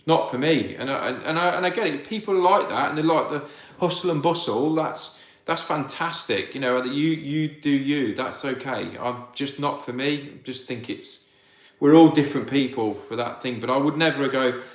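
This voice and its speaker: A man answers viewer questions live. His voice sits at an ordinary pitch, and he talks in loose, rambling bursts full of restarts that turn into heated rants. The sound bounces around a roomy, echoey space. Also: moderate pace. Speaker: farmer hosting viewer Q&A. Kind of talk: casual livestream chat reading viewer questions.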